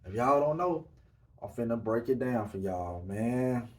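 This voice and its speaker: Animated man hosting a casual podcast. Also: on the low side, moderate pace. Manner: loose, animated, repeats "man" and "you know what I'm saying". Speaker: podcast host. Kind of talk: casual solo podcast talk.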